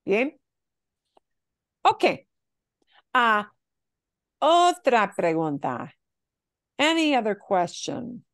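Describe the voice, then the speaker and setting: Woman teacher, slow patient explaining, dry close sound. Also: on the high side, very animated, fairly bright tone, no echo. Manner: patient explaining, modeling phrases slowly. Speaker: Spanish teacher. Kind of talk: online language class.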